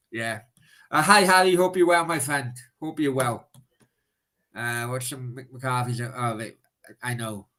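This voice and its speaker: Chatty, swearing man with a bright voice. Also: on the high side, poor audio. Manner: chatty and blunt, swears freely. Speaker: live stream host answering viewer questions. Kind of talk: casual live chat.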